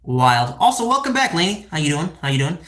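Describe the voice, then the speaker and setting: A man's voice: fairly high pitch, sing-song, brisk, fairly bright tone, roomy sound. A twenty-year-old man chatting casually on a live stream, rambling with crude joking asides and tagging "right?" onto his sentences. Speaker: livestreamer.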